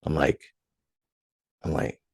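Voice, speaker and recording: A man's voice: slow, no room sound, clean studio sound. A man hosting a podcast, casually telling a story with lots of swearing, getting heated as he recalls old anger. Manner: profane, animated when retelling anger. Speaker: podcast host.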